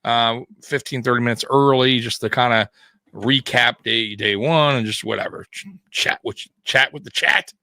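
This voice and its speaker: A man's voice: medium pitch, moderate pace, pushed and bright, no room sound. A man co-hosting a casual live sports stream, laughing often and teasing his co-host.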